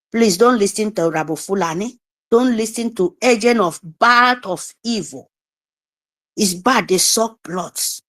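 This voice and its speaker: Woman, fervent speaker at an online meeting, slow and preachy. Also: mid-range voice. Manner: preachy, repetitive, slow emphatic pleading. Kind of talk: impassioned exhortation.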